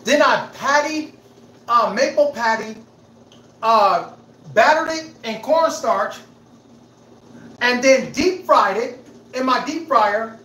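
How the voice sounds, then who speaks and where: A man hosting a casual livestream from his home kitchen, tasting his own cooking with excited exclamations and long drawn-out mm's. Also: extremely high pitch, echoey room. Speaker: home cook livestream host.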